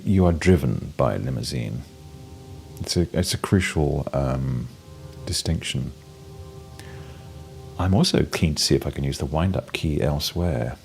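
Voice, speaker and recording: A man's voice: extremely low pitch, animated, a little slow, creaky, long pauses, faint music behind. A British man with a cold, giving wry, playful commentary while playing a game, with many ums and restarts. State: has a cold, coughing and sneezing. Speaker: game streamer. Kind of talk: casual gameplay commentary.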